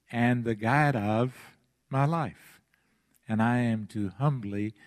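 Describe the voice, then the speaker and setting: A pastor preaching a sermon, emphatic and deliberate, repeating his phrases for weight. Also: mid-range voice.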